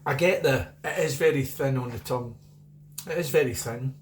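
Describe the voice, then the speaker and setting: A man's voice: medium pitch, moderate pace, slight background noise. Rambling Scottish man reviewing beer. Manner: rambling, chatty, repeats himself. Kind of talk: casual beer review vlog.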